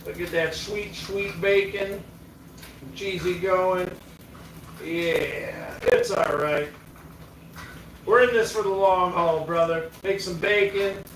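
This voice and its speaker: A man's voice: sits high, fairly even intonation, takes it slowly, pauses often, a bit bright. A man hosting a stream, chatting casually in a laid-back, teasing way and swearing freely. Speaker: livestream host. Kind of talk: casual chat. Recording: echoey, distant mic, background noise.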